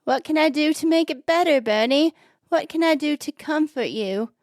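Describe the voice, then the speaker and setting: A woman's voice: sits high, moderate pace, no room sound, clean studio sound, pitched above the performer's own voice. A woman doing a put-on British accent as a wife pleading at her dying husband's bedside.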